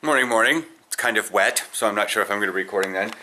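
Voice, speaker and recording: A young man rambles through a casual vlog chat, full of restarts and quick laughs. His voice is bright and forward. There is a faint hum of noise behind him. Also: lowish voice. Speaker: vlogger, football player. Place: in a car, then outdoors.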